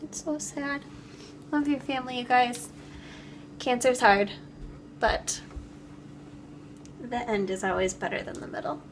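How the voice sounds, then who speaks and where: A woman's voice: a little high, a little slow, long pauses, slight background noise. A young woman talking to her camera in a casual vlog from her kitchen at home. She is gushing and heartfelt and fills her talk with "like.". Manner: gushing, heartfelt, heavy use of "like". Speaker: vlogger.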